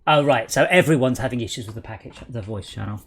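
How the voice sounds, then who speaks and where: A man's voice: medium pitch, fast talker, fairly bright tone. A man hosting a casual gaming stream, chatting and rambling aloud with lots of fillers while he sorts out game problems.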